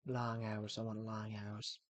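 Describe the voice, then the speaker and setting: A gruff Texan film character, put on by a man with a put-on Texan accent. The drawl sits low and subdued and sounds a touch distant, in a dry, close room. The delivery stays flat and hard-bitten. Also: measured pace, no echo, lightly acted.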